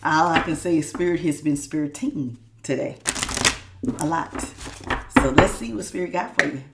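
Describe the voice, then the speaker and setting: Woman tarot reader, sick, low gravelly voice, folksy and chatty. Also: moderate pace, very noisy. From Southern United States. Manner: chatty, folksy, calls listeners y'all and baby. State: sick with a sore throat. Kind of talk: casual spiritual reading.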